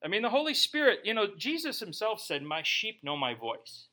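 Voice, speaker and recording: Bright-voiced male pastor preaching. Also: high voice, normal speed. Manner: conversational, joking asides, lively. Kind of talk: sermon.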